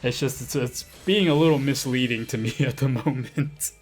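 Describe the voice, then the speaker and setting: A man commenting on his gacha rolls, getting excitable, swearing and pleading with the game. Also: medium pitch, normal speed, soft background music. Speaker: game streamer.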